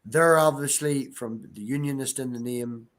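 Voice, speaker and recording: A man talks on a livestream in a relaxed, conversational way. He breaks things down point by point and swears offhandedly as he goes. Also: medium pitch, moderate pace. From Northern Ireland. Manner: explains step by step, swears casually. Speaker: stream guest. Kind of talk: casual chat.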